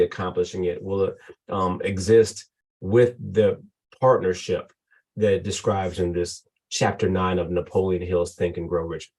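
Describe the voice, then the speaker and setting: A man's voice: lowish voice, a little mellow. A man co-hosting a book discussion podcast, reading passages aloud from the text. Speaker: podcast co-host.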